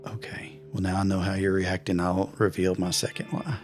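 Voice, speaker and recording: A man voicing a secretive, brooding male vampire who speaks quietly and hesitantly. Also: deep voice, flat delivery, moderate pace, faint music behind, natural voice. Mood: guarded.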